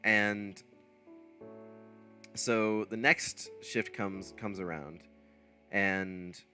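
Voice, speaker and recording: A man's voice: fairly low pitch, steady tone, very slow, pushed and bright, faint music behind. A man casually telling a long, rambling anecdote, full of fillers and restarts. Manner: rambling anecdote with many fillers and self-corrections, laughing at himself. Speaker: streamer. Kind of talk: casual storytelling.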